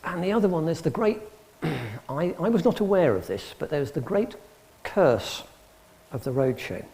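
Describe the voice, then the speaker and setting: The guest speaker, a middle-aged English expert on antiques, performs the conversations in his wry stories for a live crowd in a public hall. He sounds animated and a little mellow, a little high in pitch, at normal speed.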